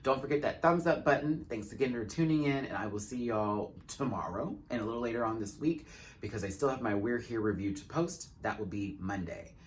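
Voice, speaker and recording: A man hosting his own review channel, talking in a sassy, expressive way full of drag slang and phrasing, in a casual rant. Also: medium pitch, fairly quick. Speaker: YouTube reviewer. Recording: faint background noise.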